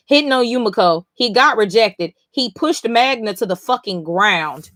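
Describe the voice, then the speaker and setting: A woman's voice: fairly high pitch, normal speed, no room sound. Fiery, cursing woman reading comics live. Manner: animated, profane, exclaiming. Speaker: comic-reading livestream host.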